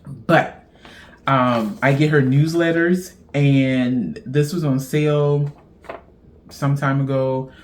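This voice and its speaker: A woman's voice: rumbling low, steady tone, slow pace, darkish tone, slight background noise. A middle-aged woman from Central Texas, chatting casually as host of a knitting show, rambling and laughing at herself.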